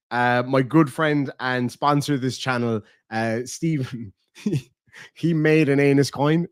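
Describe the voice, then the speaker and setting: A man's voice: mid-range voice, no room sound, studio quality. A young Irish man hosting a casual livestream, swearing, joking and reading out chat messages. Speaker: livestream host.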